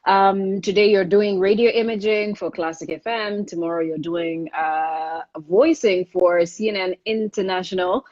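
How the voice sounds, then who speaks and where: A woman's voice: medium pitch, fairly even intonation, moderate pace, few pauses, darkish tone. A woman hosting an online interview, asking her questions in an encouraging, friendly way. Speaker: interview host. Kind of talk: conversational interview. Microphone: online live video call. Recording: dull lo-fi online stream.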